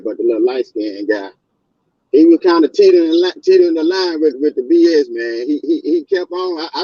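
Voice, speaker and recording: A man's voice: medium pitch, no echo, lo-fi sound. A man calling in to a casual chat, hesitant and full of fillers. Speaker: caller.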